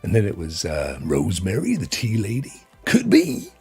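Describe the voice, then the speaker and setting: A man's voice: low voice, big pitch swings, brisk, darkish tone, breathy edge, faint music behind. A middle-aged British man hosting a live game stream, chatting casually with viewers, joking and laughing often. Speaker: livestream host. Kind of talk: casual chat reading viewer comments.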